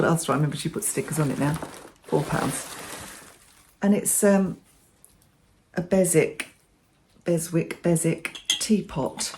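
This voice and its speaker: A woman's voice: on the low side, a little hiss or hum. A middle-aged woman chatting enthusiastically as she shows off her bargain finds in a casual vlog. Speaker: vlogger. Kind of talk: casual show-and-tell chat.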